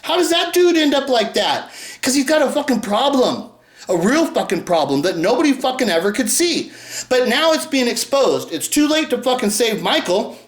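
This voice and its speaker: A host delivering a rambling, profane casual monologue, with lots of rhetorical questions and swearing. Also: medium pitch. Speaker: show host. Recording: roomy echo.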